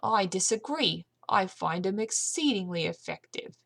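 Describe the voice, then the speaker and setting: Casting: a smug, smooth-talking male villain, sly and unhurried, voiced by a woman for a storybook reading. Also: mid-range voice, lively intonation, fairly bright tone, full character voice. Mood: menacing. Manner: sly, unhurried, mocking politeness.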